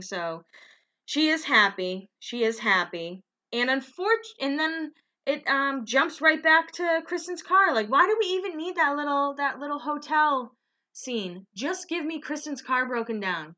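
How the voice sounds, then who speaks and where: A woman's voice: high voice, animated, a little slow, sharp tone. A tired woman chatting casually in a rambling, self-correcting way, recapping a show in one unrehearsed take. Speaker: vlogger recapping a reality show.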